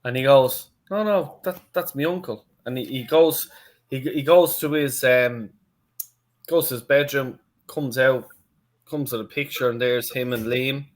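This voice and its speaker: A man's voice: mid-range voice, fairly even intonation, unhurried. A young Irish man, a channel host, telling a rambling story in casual chat with lots of fillers and swearing. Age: young adult. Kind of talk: casual anecdote.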